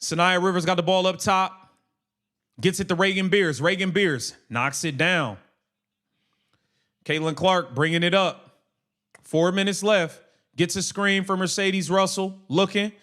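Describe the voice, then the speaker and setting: Male streamer, slightly high voice, heated slangy play-by-play and rants. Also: steady tone, measured pace, pauses often, fairly bright tone. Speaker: live stream host. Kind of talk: casual live watch-along commentary.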